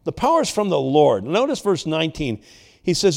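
Here a sixty-something pastor delivers a sermon full of personal stories, his volume swinging between emphatic bursts and hushed asides. His voice is fairly high, sing-song and creaky, and he speaks a little fast.

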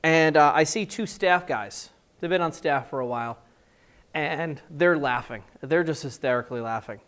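A man preaching a sermon, telling stories with lively acted-out dialogue. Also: fairly high pitch, moderate pace. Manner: animated storytelling, acting out scenes in different voices. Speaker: pastor.

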